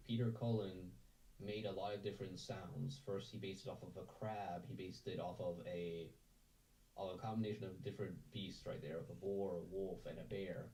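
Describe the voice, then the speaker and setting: A man's voice: low voice, mellow, recorded from a distance, low-quality recording. A man chatting casually on a video call, rambling on and often repeating "right there". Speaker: voice-acting community member.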